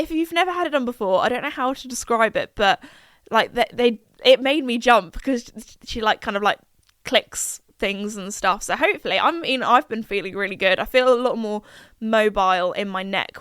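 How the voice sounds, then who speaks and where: Young woman host, smooth clear voice, dry close mic, rambling casual chat. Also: medium pitch, a bit bright, no room sound. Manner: chatty and rambling, many fillers. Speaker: podcast host.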